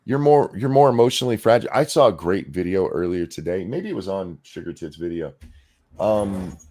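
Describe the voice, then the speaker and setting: A man's voice: deep voice, expressive, fairly quick, darkish tone. A man hosting a podcast, ranting in casual, mocking, sarcastic commentary. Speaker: podcast host.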